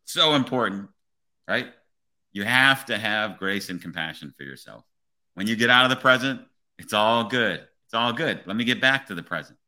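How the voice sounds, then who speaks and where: Man, very bright sharp voice, slightly low pitch, police officer host, earnest motivational chat. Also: lively intonation, normal speed. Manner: earnest, motivational, keeps asking "right?". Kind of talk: casual podcast conversation.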